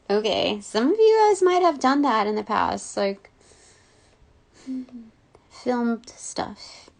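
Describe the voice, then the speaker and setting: Woman, casual intuitive reader; unhurried, gravelly fry, rambling and giggly. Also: on the high side, big pitch swings. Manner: rambling, many ums and likes, giggly. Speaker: spiritual reader. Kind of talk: casual intuitive reading monologue.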